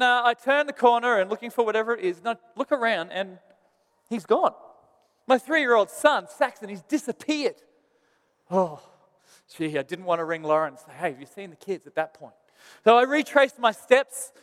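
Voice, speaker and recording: A man's voice: very high voice, a bit bright, clear, resonant tone, long reverb tail. A man, a pastor telling a self-deprecating story in a sermon.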